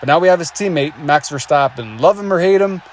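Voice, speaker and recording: Excitable man calling a race, slightly high voice. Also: a little fast, slight background noise. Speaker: race commentator. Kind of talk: play-by-play commentary.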